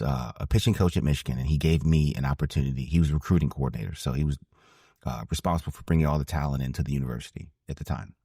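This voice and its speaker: Very deep-voiced earnest man in his forties. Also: mellow, husky, dry recording, clean studio sound. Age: 40s. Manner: earnest, emphatic, repeats phrases and restarts. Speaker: podcast guest, former ballplayer and broadcaster. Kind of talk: storytelling interview answer.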